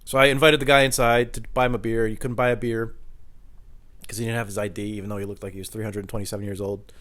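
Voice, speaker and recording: A man's voice: lowish voice, little pitch movement, quick pace, fairly bright tone. A man rambling alone for his podcast at home in the kitchen, casual, profane and self-deprecating. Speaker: podcast host. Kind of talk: solo rambling monologue.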